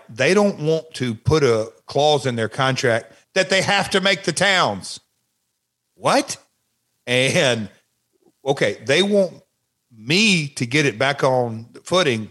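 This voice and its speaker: Man, podcast co-host, rambling storyteller, lively, quotes people. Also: mid-range voice. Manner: rambling, animated anecdotes with quoted voices.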